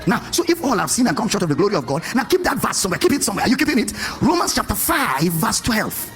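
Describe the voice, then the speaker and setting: A man's voice: sits high, wildly swooping pitch, quick pace, a bit bright, soft background music. A man preaching a sermon, questioning his congregation and stressing points in a sing-song way. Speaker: pastor.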